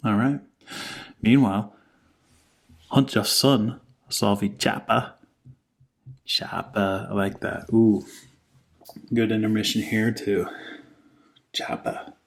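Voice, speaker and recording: A man with a low, gravelly voice reads an old saga in soft-spoken ASMR, right up close to the microphone. He keeps slipping into rambling, half-whispered asides full of likes. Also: steady tone, takes it slowly, pauses often, poor audio. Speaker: ASMR channel host reading a saga. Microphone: microphone with headphones.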